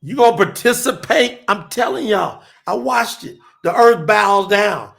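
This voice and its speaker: A man preaching on a livestream, his voice high and rough with gravel, and he takes his time with the words. He builds to emphatic shouts and then eases into loose, conversational talk with his viewers, calling them y'all. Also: animated, unhurried. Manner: fiery and emphatic, rising to shouts; addresses the audience as y'all, loose and conversational between points. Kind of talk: livestream sermon and chat with viewers.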